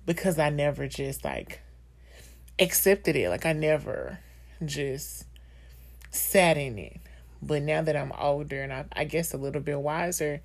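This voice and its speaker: A woman in her thirties hosting a podcast, speaking candidly and emotionally in a personal monologue full of fillers and laughter. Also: low voice. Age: 30s. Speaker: podcast host.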